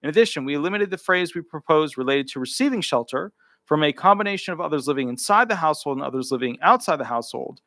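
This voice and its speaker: A man's voice: a little high, lively intonation, quick pace, a bit bright, no echo, clean studio sound. A man working as a disability attorney, giving live commentary while reading a rule aloud, with emphatic repeated words and offhand asides between the passages.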